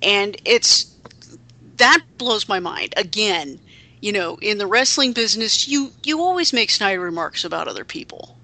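A woman hosts a loose podcast conversation with a bright, edged tone. She is wry and indignant by turns and keeps restarting her sentences. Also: mid-range voice, animated, moderate pace, vocal fry. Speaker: podcast co-host. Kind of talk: casual chat about pro wrestling.

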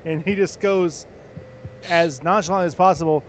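A man co-hosting a casual podcast, telling a story slowly with hesitant fillers. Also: on the high side, a little hiss or hum. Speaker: podcast co-host. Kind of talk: casual chat.

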